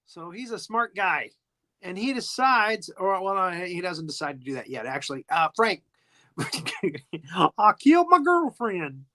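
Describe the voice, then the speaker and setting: Brief: bright-voiced male podcast host, chatty and giggly, casual film recap. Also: high-pitched, moderate pace.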